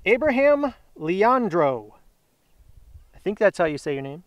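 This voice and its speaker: A man's voice: fairly high pitch, darkish tone, no echo. A middle-aged man hosting an outdoor giveaway video, chatty and upbeat, drawing out the winners' names. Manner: upbeat, chatty, drawn-out announcements. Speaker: grilling channel host. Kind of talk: casual giveaway vlog.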